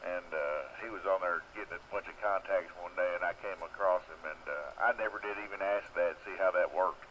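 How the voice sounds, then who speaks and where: A man's voice: low voice, steady tone, brisk, a bit bright, a little hiss or hum, low-quality recording. A man checking into an amateur radio net, chatting casually and agreeably. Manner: easygoing and agreeable. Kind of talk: casual ham radio chat.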